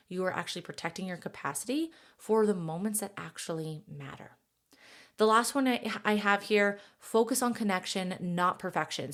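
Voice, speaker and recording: A woman in her thirties hosting a podcast, coaching other moms in a casual, encouraging monologue and laughing at herself now and then. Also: medium pitch. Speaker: podcast host and mom coach.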